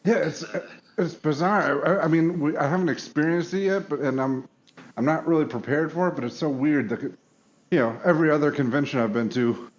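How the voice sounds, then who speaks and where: A man co-hosting a podcast who talks in a halting, hesitant way with many restarts. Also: a little high, lo-fi sound. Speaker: podcast co-host. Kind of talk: casual chat.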